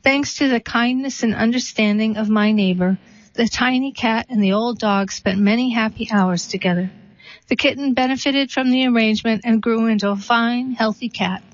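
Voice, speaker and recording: Calm woman reading aloud, dull recording. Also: on the high side, normal speed, dry recording. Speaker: reader. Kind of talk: reading a story and a poem aloud.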